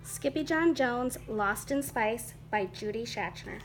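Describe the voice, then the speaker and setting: A woman with a high, bright voice reads a children's picture book aloud, lively and rhythmic. She makes the story expressive. Faint hiss sits underneath. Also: measured pace.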